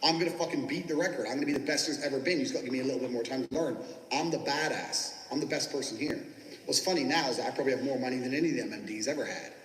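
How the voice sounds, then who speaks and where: A boastful, foul-mouthed man delivers a motivational sales lecture at a rapid clip. His voice rings through a roomy space with a long reverb tail. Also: mid-range voice, a little hiss or hum. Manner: brash, boastful, swears constantly. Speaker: business coach teaching sales. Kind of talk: profane motivational monologue. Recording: echoey room with long reverb.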